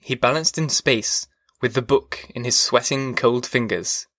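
Brief: male audiobook narrator, mid pitch, measured, dry close sound. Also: bright, forceful tone, no echo. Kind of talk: scripted narration.

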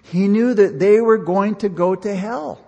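A man's voice: high-pitched, a little slow, gravelly, a little mellow. A man preaching an earnest, emotional sermon, often restarting his words and acting out the voices in his stories, recorded in a church hall. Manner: acts out dialogue in the story he tells. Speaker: pastor. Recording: long reverb of a large hall.

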